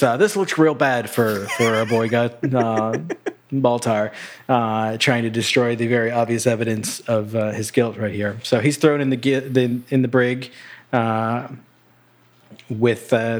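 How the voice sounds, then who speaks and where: A man's voice: mid-range voice, normal speed. A man co-hosting a podcast, casually recapping a TV episode with plenty of fillers. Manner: relaxed, loose recap full of fillers and laughs. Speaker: podcast co-host.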